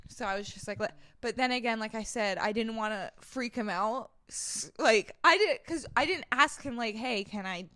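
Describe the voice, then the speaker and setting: A young woman in her twenties with a bright, forceful voice and a fairly high pitch, co-hosting a casual chat podcast. She talks in a chatty, giggly way full of fillers and sounds sleep deprived. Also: moderate pace, hardly any pauses. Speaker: podcast co-host.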